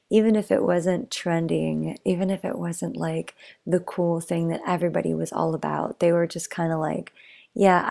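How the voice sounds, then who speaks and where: A young woman chats her way through a meandering bedtime story. Her voice sits low with a gravelly, fry-tinged edge, and she keeps it soft, sometimes slipping almost into a whisper. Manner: rambling, chatty, drifts into tangents; soft, drops to near whisper at times. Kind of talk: casual bedtime story narration.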